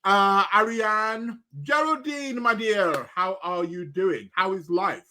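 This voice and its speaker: A man's voice: high voice, slow, bright, forceful tone, a little hiss or hum. A man hosting an astrology podcast live stream in a casual, rambling chat, greeting viewers by name and munching snacks as he talks.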